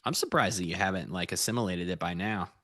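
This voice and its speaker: Joking guy cohosting a live market stream, lowish voice, dry mic. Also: fast, dry recording. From Pennsylvania. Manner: joking, animated storyteller. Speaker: co-host of a live trading stream. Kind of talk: casual chat.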